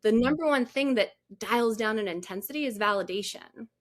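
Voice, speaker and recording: A woman's voice: a little high, brisk. A woman mental health counselor talking through ideas in an interview, conversational and often checking in with "right?". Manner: conversational, often asks "right?" and acts out quoted voices. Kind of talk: casual explanatory talk in an interview.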